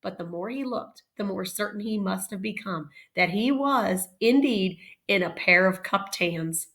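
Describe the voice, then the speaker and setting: A woman's voice: mid-range voice, a little slow, a bit bright. A woman teacher reading a novel aloud expressively, with playful teaching asides. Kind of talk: read-aloud storytelling.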